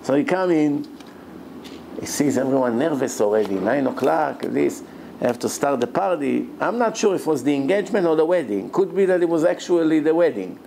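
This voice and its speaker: A rabbi tells a story to his listeners, slipping into the characters' voices as he goes. His voice is fairly high for a man, yet gravelly and mellow. A faint hum of ambient noise sits behind him. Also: a little fast. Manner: animated storyteller who acts out voices, chuckling. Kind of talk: sermon storytelling.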